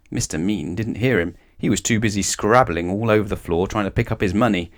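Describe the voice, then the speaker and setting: A man reading a children's bedtime story aloud in an expressive, animated way. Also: on the low side, a little fast, hardly any pauses. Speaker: storybook reader.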